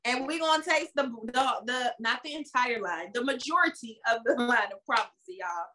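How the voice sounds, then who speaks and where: A woman co-hosting a wine podcast in casual chat, talking loosely with frequent laughs and a drawn-out sign-off. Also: a little high, bright, forceful tone, low-quality recording. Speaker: podcast co-host.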